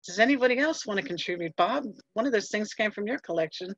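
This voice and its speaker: A woman's voice: mid-range voice, animated, fast, fairly bright tone, dry recording, dull audio. A woman librarian presenting library resources on a museum livestream, then chatting in a friendly way with a colleague. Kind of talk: presenting a talk, then casual discussion.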